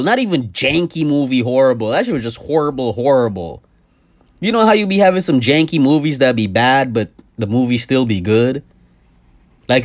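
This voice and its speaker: A young man hosts a podcast, ranting in a loose, profane way. His voice sits a bit high for a man and swings from loud outbursts to low asides. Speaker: podcast host. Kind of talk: casual comedic rant.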